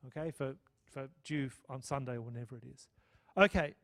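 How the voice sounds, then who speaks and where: A man's voice: medium pitch, brisk, fairly bright tone. A man lecturing on math to a live class, chatty, often checking in with "okay?" and "right?". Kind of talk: live lecture with student questions.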